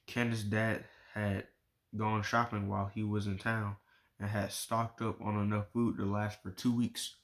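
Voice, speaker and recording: A man reading a novel aloud, chapter by chapter, in steady unhurried narration. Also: lowish voice. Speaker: audiobook reader.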